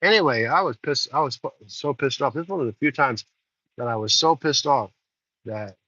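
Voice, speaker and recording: A man's voice: medium pitch, a little fast, bright, forceful tone, no room sound. A middle-aged man telling a story in a casual vlog, angry and swearing freely, recorded outdoors. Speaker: vlogger. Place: outdoors in the rain. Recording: dull lo-fi sound.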